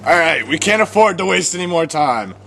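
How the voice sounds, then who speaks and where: A man's voice: a little high, expressive, brisk, vocal fry, over music. A young man playing a pompous, over-the-top hero in an amateur comedy film, speaking outdoors in a mock-heroic tone. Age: young adult. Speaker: lead actor playing the hero. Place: outdoors in a backyard.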